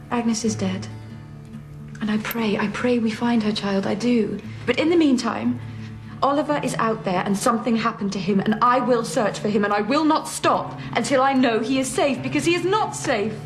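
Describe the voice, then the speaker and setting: An actress playing an earnest, principled young gentlewoman in a period drama, speaking formally and with feeling. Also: a little high. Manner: formal, impassioned speech. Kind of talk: period television drama acting.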